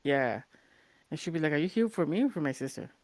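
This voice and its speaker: A woman's voice: low voice, fast talker, dry recording. A woman, telling stories casually and acting out the people she quotes, cursing now and then. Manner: animated, acts out quoted voices, swears casually. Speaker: podcast co-host. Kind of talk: casual storytelling chat.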